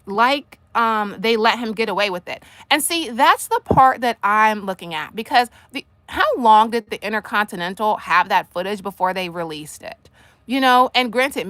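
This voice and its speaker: A woman hosting a casual commentary livestream, sassy and animated, talking straight to the people she discusses. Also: medium pitch, normal speed, no echo. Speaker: livestream host.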